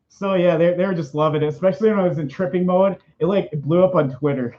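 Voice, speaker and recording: A young man chatting casually as a streamer, rambling and excitable with many restarts. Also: sits high, fast talker, hardly any pauses, highs cut off. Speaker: streamer and fandom volunteer. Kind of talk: casual chat.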